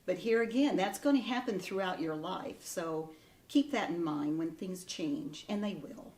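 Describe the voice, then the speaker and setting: A woman giving a heartfelt advice speech at a ceremony, telling stories in a gentle, encouraging way. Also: on the low side, measured pace. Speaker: ceremony speaker. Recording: echoey room, distant mic.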